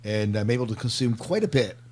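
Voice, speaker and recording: A man's voice: mid-range voice, animated, a little fast, darkish tone. Joking man hosting a podcast. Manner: joking, leads the talk. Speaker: podcast host. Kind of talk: casual book discussion.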